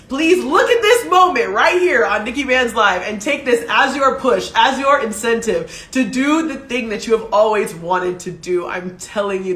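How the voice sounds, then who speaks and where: A woman's voice: mid-range voice, fairly bright tone. A woman hosting her own live stream, talking in an effusive, tearful way with casual slang. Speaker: host of a live show. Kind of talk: emotional livestream talk.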